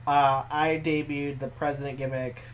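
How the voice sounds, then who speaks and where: A man's voice: on the high side, little pitch movement, moderate pace. A man in casual chat who mostly chimes in with short agreeing remarks. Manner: brief agreeing interjections. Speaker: podcast co-host.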